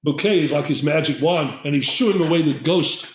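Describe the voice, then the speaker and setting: An older man appearing as a guest herbalist tells a long story mid-conversation, his voice a little high and his speed normal. He restarts frequently and uses many fillers; the recording has a roomy echo.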